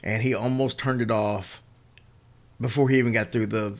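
A man's voice: mid-range voice, fairly even intonation, normal speed. A man co-hosting a podcast, telling stories and teasing dryly in casual chat. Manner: dry, teasing storyteller. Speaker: podcast co-host.

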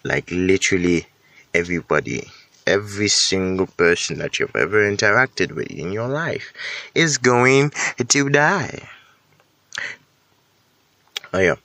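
Low-voiced man rambling on a podcast. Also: animated, a little slow, vocal fry, long pauses, pushed and bright, no room sound. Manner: rambling and self-deprecating, many fillers and restarts; casual swearing. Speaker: podcast host. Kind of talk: casual solo podcast monologue.

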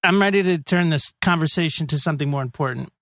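A man co-hosting a podcast, with a high, bright voice. He chats casually and upbeat, and reads lists of names in a bouncy sing-song. The recording is close and dry. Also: fast talker, dry recording. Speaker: podcast co-host. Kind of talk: casual chat.

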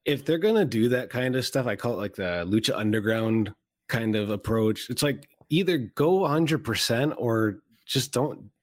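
A man's voice: medium pitch, lively intonation, moderate pace. A man who is a guest on a casual podcast. His voice sits in the middle range. He talks hesitantly, often restarting while he looks for the right words.

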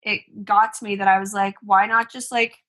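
A bright, clear-toned woman in her thirties talks in a relaxed podcast chat. She tells her stories in a lively, animated way, full of fillers. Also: medium pitch, normal speed. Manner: chatty, animated storytelling with many fillers. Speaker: podcast co-host, business owner. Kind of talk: casual chat.

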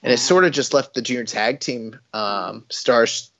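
A man's voice: mid-range voice, a little slow, fairly bright tone, dry recording, highs cut off. A man co-hosting a casual wrestling podcast, talking in rambling runs full of fillers and restarts. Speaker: podcast co-host.

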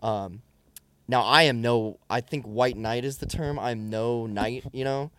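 A young man telling stories in casual podcast chat, animated and swearing, with lots of fillers. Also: mid-range voice, measured pace, slight background noise. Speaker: podcast guest.

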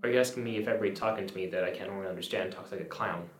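A man's voice: sits low, rapid-fire, faint music behind. A laid-back, joking man with a Southern accent playing a tabletop game, heard in an echoey room. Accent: American Southern. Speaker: player. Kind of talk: casual tabletop play. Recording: roomy echo.

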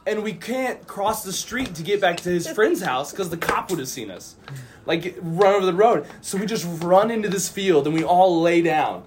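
A young man telling a funny story in a casual, animated way, acting out the voices of his friends. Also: high-pitched, moderate pace, a little hiss or hum. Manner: animated, acts out voices with laughs. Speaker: storyteller guest.

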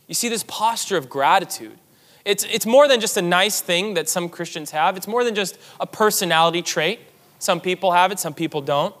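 A man's voice: high voice, normal speed, fairly bright tone, long reverb tail. A man preaching a sermon as pastor, reading scripture aloud and pressing his points with emphasis.

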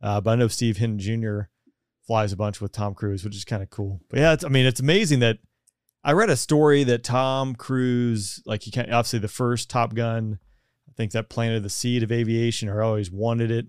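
A man's voice: medium pitch, steady tone, moderate pace, a little mellow, clean tone, dry recording, clean studio sound. A man hosting a podcast in a chatty, easygoing way, often laughing along. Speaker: podcast host. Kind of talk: casual podcast conversation.

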